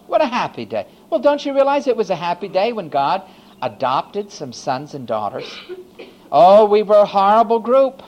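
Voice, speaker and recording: A male pastor preaching a sermon, swinging from hushed asides to loud, emphatic declarations. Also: sits high.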